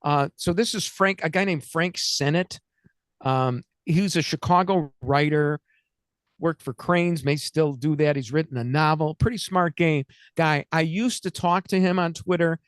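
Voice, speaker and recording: A man's voice: a little high, measured pace, no echo. Rambling older male radio host. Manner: rambling, joking, self-interrupting. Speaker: radio talk show host. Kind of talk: comedic political talk radio. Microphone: studio mic.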